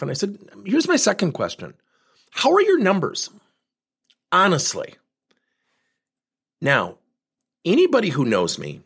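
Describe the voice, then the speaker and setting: His medium-pitched voice sounds gravelly and slightly rough. In storytelling talk about sales, he's a lively coach who plays out both sides of every conversation.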